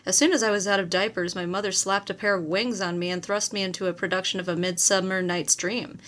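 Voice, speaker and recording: A woman's voice: medium pitch, fast. A woman narrating a first-person novel as an audiobook, telling it expressively. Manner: expressive storytelling with acted quotes.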